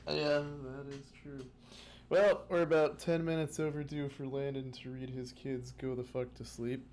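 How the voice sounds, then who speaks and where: A man's voice: mid-range voice, level tone, normal speed, darkish tone, a little hiss or hum. A man co-hosting a casual movie podcast, playful and joking, who often trails off mid-thought. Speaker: podcast co-host. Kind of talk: casual chat about movies.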